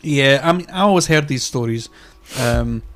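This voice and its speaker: A man's voice: mid-range voice, normal speed, fairly bright tone. A Scottish man co-hosting a podcast, chatting casually, rambling and swearing freely. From Scotland. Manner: sweary, rambling, laughs easily. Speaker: podcast co-host. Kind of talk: casual chat.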